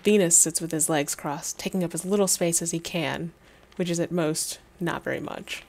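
A woman's voice: fairly low pitch, normal speed, a little mellow. A young adult woman streaming, reading a game's text aloud with wry, laughing asides and casual swearing.

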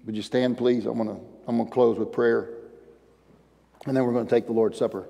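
A man in his fifties preaching a sermon as pastor, emphatic, then going soft and low when he prays. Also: fairly even intonation, brisk, creaky, husky. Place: church sanctuary. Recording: long church reverb with faint music.

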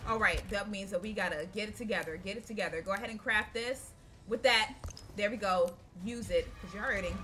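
A woman giving casual, profane let's-play commentary, loud and excitable as she yells at the game. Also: mid-range voice. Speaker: gaming channel host. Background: game music.

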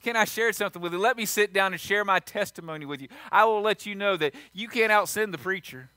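High, bright-voiced preaching pastor. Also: male voice, fast talker, few pauses, no room sound. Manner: fervent preaching, rising to loud emphasis, dropping to hushed appeal. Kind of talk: sermon. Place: church.

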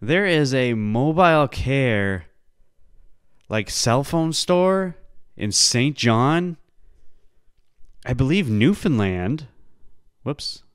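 Man, podcast host, casual commentary, profane, incredulous, rambling, clear resonant voice. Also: mid-range voice, animated, extremely slow, pauses often.

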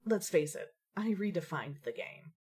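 A woman's voice: on the low side, lively intonation, normal speed, a little mellow, husky. A woman playing an aloof, witty young woman gamer who talks in dry, elaborate phrases. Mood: arch. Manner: arch, dry, elaborate wordplay.

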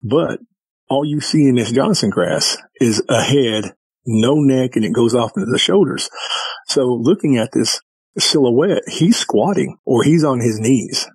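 Husky-voiced man telling a story. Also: mid-range voice, no echo, rough recording. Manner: vivid retelling with quoted dialogue. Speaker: guest. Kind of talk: casual storytelling.

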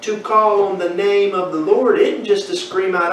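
Male Bible teacher, high voice, questions the class, recorded far off in an echoey room. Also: normal speed, fairly bright tone, a little hiss or hum. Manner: asks the class questions, folksy storytelling.

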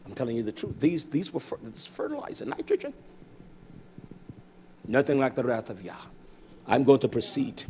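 A man preaching a sermon, emphatic, swinging between loud bursts and low murmurs and asking his listeners direct questions. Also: huge pitch swings, moderate pace, pauses often, noisy background. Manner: addresses congregation directly with questions.

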